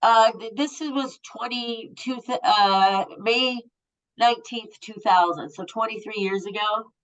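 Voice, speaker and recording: A woman's voice: on the high side, a little slow, low-quality recording. A woman in her fifties, a guest telling a personal story in a blunt, raw and profane way. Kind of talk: candid storytelling.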